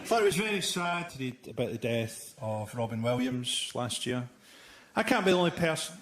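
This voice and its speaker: A man doing live stand-up comedy, with a deadpan, dark, sardonic delivery and mocking impressions. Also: mid-range voice, moderate pace. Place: theatre stage before a laughing audience. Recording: live theatre recording with loud crowd noise.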